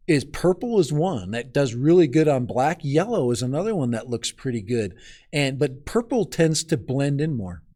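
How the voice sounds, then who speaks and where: A man's voice: on the high side, mellow. A man from Minnesota hosting a live stream outdoors in the cold, chatting casually and rambling as he talks straight to his viewers.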